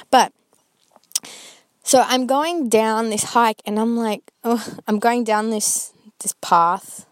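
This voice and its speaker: A woman's voice: a little high, takes it slowly, no echo. A woman vlogger talking earnestly and rambling a little as she shares a Christian reflection, with many fillers. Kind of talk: casual faith reflection.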